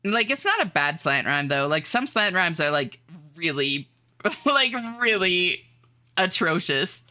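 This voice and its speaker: Woman streamer reading chat out loud, kinda low voice but really bright, laughs a lot, sing-songy hellos. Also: very animated, measured pace. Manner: reads viewer chat aloud, greets people in a high sing-song voice, laughs often. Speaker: live streamer. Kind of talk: casual chat with viewers while gaming.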